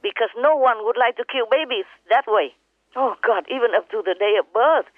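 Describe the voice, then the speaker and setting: A woman's voice: a little high, fairly quick, dry recording. A woman spiritual teacher on a phone call with her disciples, speaking in an impassioned, emphatic way and repeating her points. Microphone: telephone. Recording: tinny phone line.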